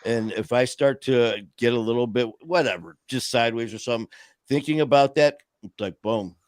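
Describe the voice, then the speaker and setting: A man's voice: mid-range voice, moderate pace, dry recording, clean studio sound. Earnest man telling a story. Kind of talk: casual podcast chat, personal story.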